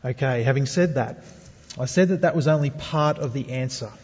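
Man, pastor, sermon, mellow husky voice, long reverb, dull lo-fi sound. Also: mid-range voice, moderate pace. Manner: earnest, addresses congregation with rhetorical questions.

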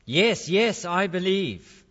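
Panicked cliff-hanging tourist put on by a preacher, frantic, pleading, higher voice, muffled echoey church sound. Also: male voice, expressive, slow pace, fairly bright tone, heavily acted.

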